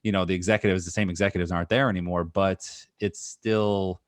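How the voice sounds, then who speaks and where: A man's voice: sits low, fairly even intonation, fairly quick, no room sound, studio quality. A man co-hosting a podcast in casual sports chat, rambling with frequent laughs and restarts. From New York area. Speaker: podcast co-host.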